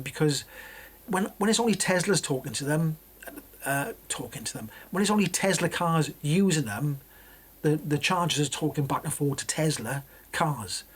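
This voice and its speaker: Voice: medium pitch, husky. A vlogger in their sixties from Wales, chatting in a meandering, casual way and often restarting sentences. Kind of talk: casual rambling commentary.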